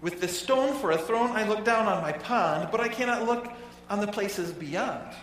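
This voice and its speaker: A man's voice: sits high, animated, moderate pace, fairly bright tone, a little hiss or hum, voice pushed up. A man voicing a vain, boastful male turtle king in a storybook reading, heard from a distance in an echoey hall. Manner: proud, grandiose, proclaiming.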